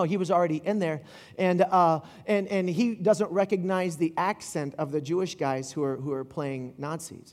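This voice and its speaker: A man giving a casual sermon in a church, retelling a film scene in an animated, rambling way. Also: on the high side, long reverb tail. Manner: animated storytelling with asides and restarts. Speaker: pastor.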